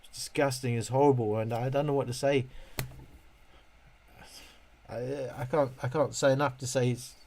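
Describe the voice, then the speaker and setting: A man's voice: medium pitch, fairly even intonation, moderate pace, long pauses, darkish tone, a little hiss or hum. A middle-aged man hosting a casual live stream, reading viewer comments and answering in a rambling way, full of restarts. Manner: rambling, self-interrupting, with many restarts.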